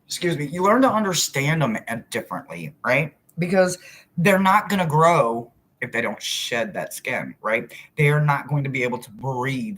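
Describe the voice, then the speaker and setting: A woman hosting a casual live chat as a spiritual reader, talking straight to her viewers in a blunt, animated way that swears freely and swings from loud to soft. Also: a bass voice, moderate pace, slightly rough.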